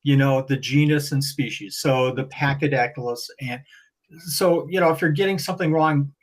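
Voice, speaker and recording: A man talking as a guest on a podcast, animated and rambling, often restarting his sentences. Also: medium pitch, moderate pace, low-quality recording. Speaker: guest breeder. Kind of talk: casual podcast conversation.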